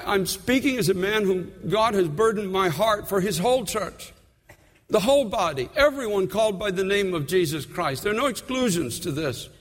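High-voiced preacher in an echoing hall. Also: male voice. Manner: earnest, repeats words, slows for emphasis. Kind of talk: sermon.

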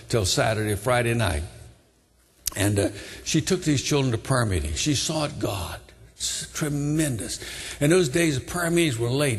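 An older man preaching a sermon, retelling a story with dramatic swings from hushed tones to shouting. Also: medium pitch, slightly rough. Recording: long hall reverb.

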